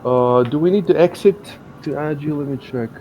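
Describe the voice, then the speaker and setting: A man hosting a live game stream in casual chat, rambling and halting, with frequent restarts. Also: on the high side, highs cut off, a little hiss or hum. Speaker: stream host.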